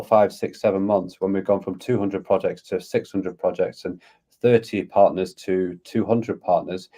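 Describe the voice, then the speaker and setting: A man's voice: lowish voice, mellow. A man, a guest on a podcast, talking eagerly and at length in a casual conversation. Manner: eager, rambling, talks at length. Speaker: guest, crypto community founder.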